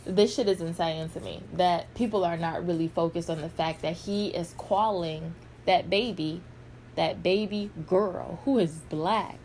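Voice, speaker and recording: A woman's voice: fairly low pitch, steady tone, measured pace, a little mellow, a little hiss or hum. A woman giving blunt, sassy, heavily profane commentary in a vlog. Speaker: pop culture commentator.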